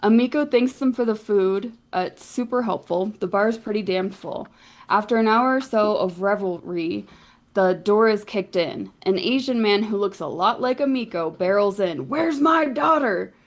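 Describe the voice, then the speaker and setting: A woman recounting a fantasy game session in a loose, wry way. Her voice sits at an ordinary middle pitch, and the telling is casual and a bit irreverent. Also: normal speed. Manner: casual, wry, laughs and swears. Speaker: game recap narrator.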